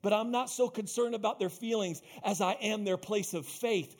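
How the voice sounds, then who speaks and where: A man's voice: high-pitched, moderate pace. A man preaching a sermon as pastor, speaking emphatically, repeating his phrases and calling out to the congregation.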